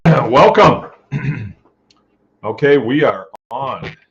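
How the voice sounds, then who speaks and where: Slow, folksy man hosting a farm chat. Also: fairly low pitch, highs cut off. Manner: folksy and rambling, greets viewers by name. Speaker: host of a farming live chat. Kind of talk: casual live-stream chat. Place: home farm.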